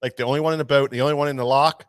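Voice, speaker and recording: A man's voice: mid-range voice, steady tone, racing, smooth, dry recording. A man who runs a tackle shop, telling a long fishing story in casual chat, rambling with many restarts. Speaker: tackle shop owner, show host.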